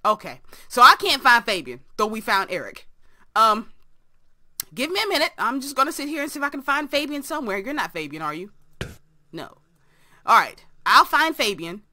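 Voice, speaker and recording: A woman's voice: on the high side, very animated, moderate pace, sharp tone. A young woman hosting a game let's play from her room, chatting to viewers and to the characters on screen. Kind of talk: casual game commentary.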